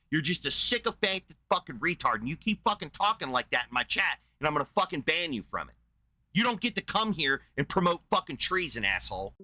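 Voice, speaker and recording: A livestream host unloads on a viewer in his chat, swearing and hurling insults nonstop. His voice is strikingly bright and sharp, sits a little high for a man, and leaps all over its range as he rants. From United States. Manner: shouting insults, heavy profanity, combative. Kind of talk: angry livestream rant.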